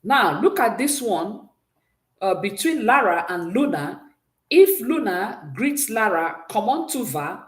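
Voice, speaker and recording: Woman, French teacher. Patient and encouraging, leads repeat-after-me drills, mid-pitched voice, roomy echo. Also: very animated, takes it slowly. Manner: patient, praises often, drills pronunciation with repeat-after-me prompts. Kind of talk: exam-prep language lesson.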